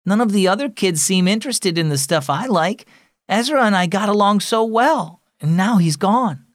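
Man voicing a sad boy, plaintive, raised pitch, storybook, dry sound. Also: animated, a little slow, no echo. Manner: plaintive, pleading. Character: upset boy losing his best friend.

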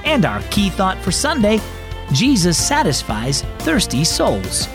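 A man's voice: sits high, huge pitch swings, a little slow, over music. A man hosting a children's devotional show, reading scripted narration and speaking encouragingly to young listeners. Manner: warm, encouraging, addresses kids directly.

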